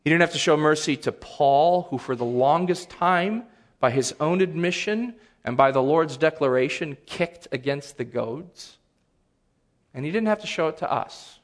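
A man preaching a sermon as a pastor, earnest and animated, with sudden loud bursts. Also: on the high side, normal speed.

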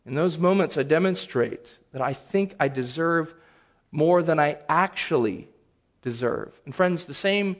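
A man preaching a sermon as a pastor, earnest and animated, with sudden loud bursts. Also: on the high side.

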